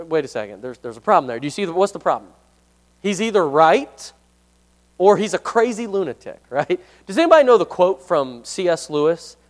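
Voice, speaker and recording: A man leads a relaxed Bible study for his congregation, chatty and quick to poke fun at himself. He keeps asking the room questions and reads verses aloud, his voice pitched a little high.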